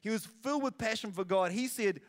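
A man preaching a sermon as pastor, animated storytelling with self-deprecating asides. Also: high-pitched, fairly quick, long reverb tail.

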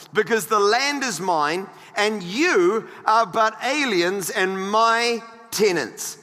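A male pastor preaches with a high, bright, forceful voice. He jokes playfully with his congregation and reads scripture aloud. A long church-hall reverb trails his words. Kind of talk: sermon.

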